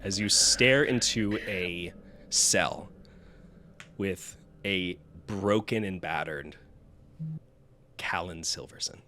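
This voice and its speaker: Bright-voiced man narrating as game master. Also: low-pitched, slight background noise. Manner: descriptive, measured narration. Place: online stream.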